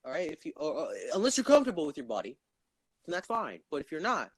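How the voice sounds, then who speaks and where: Brief: male podcast host, loud and stuttery, swears freely, very animated delivery, dry close sound. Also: fairly high pitch, fast talker, no echo. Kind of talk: casual chat.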